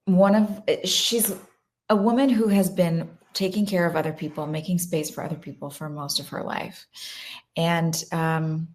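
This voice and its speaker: A woman, an actress, chatting animatedly in a casual live question-and-answer session about her film. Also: low voice. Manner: chatty and animated, with fillers and asides.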